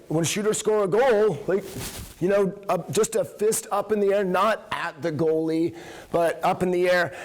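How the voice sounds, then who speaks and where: A middle-aged man, a coach giving a conference talk, telling anecdotes and acting out the dialogue in them. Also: fairly high pitch. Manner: animated storyteller who acts out dialogue. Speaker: coach and workshop speaker. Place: conference room.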